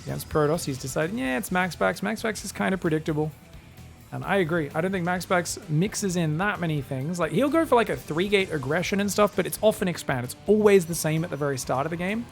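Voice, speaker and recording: Gravelly male game caster, chatty play-by-play. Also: fairly high pitch, fairly quick, soft background music. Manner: casual, chatty, bursts into loud excited yelling. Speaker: esports caster. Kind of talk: solo play-by-play game commentary.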